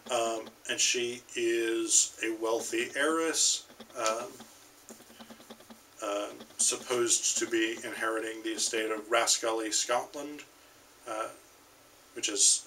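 A man's voice: medium pitch, pushed and bright, recorded from a distance, a little hiss or hum, low-quality recording. A man giving a video lecture on a short story, talking hesitantly with many ums and restarts.

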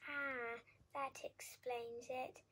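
A woman voicing a kindly, gentle male bat in a storybook. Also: sits high, little pitch movement, extremely slow, breathy edge, full character voice.

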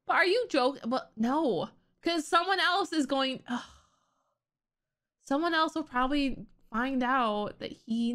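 A woman's voice: high-pitched, sharp tone. A young woman reacting to a cartoon episode on her vlog, emotional and thinking aloud, laughing through her upset. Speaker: reaction vlogger.

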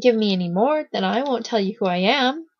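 A woman's voice: fairly high pitch, lively intonation, fairly quick, slight background noise, close to an everyday voice. A woman reading the lines of a cheeky, scheming village boy in a children's story, teasing and haggling. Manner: teasing, bargaining. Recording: dull lo-fi recording.

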